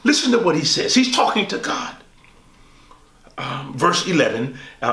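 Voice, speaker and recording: A male pastor teaching a Bible study, swooping high on quoted lines and asking the listeners questions. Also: very animated, moderate pace, pauses often, pushed and bright, roomy sound.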